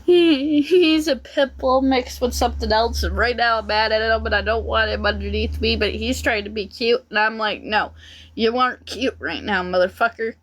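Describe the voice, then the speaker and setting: A woman with a fairly high voice rants to camera in a casual, rambling way. She sounds aggrieved and swears freely. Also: steady tone, normal speed, few pauses. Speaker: vlogger.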